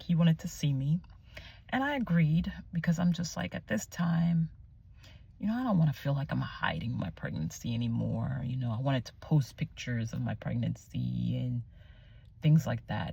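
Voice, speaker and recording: Her voice sits low, gravelly and husky as this young Christian vlogger shares her personal testimony. She comes across animated and chatty, regularly slipping into a near-whisper while searching aloud for words.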